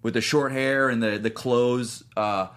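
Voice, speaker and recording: A man's voice: medium pitch, a little slow. A man co-hosting a movie news show, chatting casually, rambling and poking fun at himself. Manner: rambling, self-deprecating, excitable. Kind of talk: casual panel chat.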